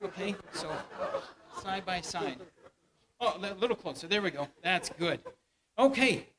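A high, expressive male voice, unhurried, comes through a very noisy recording. He's a church elder leading volunteers through a skit for the congregation, playfully prompting their lines as a way of teaching a Bible lesson in the church hall.

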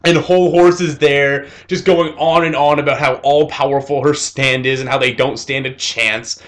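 A young man reviewing an anime episode, retelling scenes in a casual, animated way with fillers. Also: medium pitch, moderate pace.

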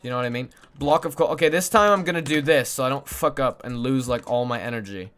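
A young man live-streaming a game, mumbling to himself and his chat, swearing often and breaking into loud excited shouts. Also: mid-range voice, fast talker, soft background music. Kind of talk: casual gaming livestream chat.

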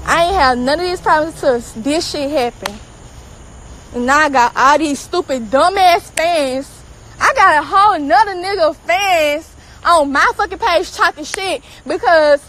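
A woman's voice: high voice, unhurried, fairly bright tone, a little hiss or hum, low-quality recording. Heated, swearing woman on a rant. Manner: profane, heated, repetitive. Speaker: celebrity girlfriend. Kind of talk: angry social media rant.

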